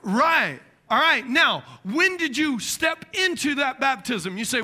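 A middle-aged pastor with a very high, bright, piercing voice preaches to his congregation, taking his time. He's animated and joking, acting out little quoted voices and lapsing into muttered asides.

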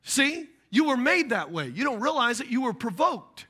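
A middle-aged man preaching a sermon, animated and acting out voices of the people in his stories. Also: very high voice, moderate pace, husky. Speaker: pastor.

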